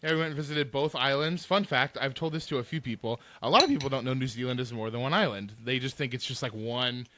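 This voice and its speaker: A man's voice: mid-range voice, quick pace, hardly any pauses, noisy background. A man co-hosting a podcast in casual chat, telling rambling stories with lots of "like" fillers. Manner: animated rambling storyteller, many filler likes. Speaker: podcast co-host.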